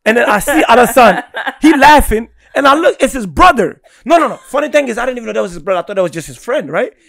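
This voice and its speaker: A young man from Guinea, a podcast guest telling a story in casual chat, animated and laughing, often checking in with "right?". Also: very high voice, fast talker, creaky.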